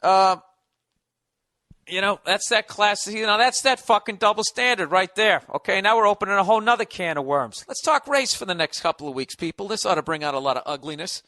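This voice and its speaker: A man's voice: sits high, lively intonation, fast, hardly any pauses, pushed and bright, no echo, clean studio sound. An American man hosting a podcast in a sarcastic, profane comedic rant, mocking and swearing freely. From United States. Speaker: podcast host. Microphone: studio podcast mic.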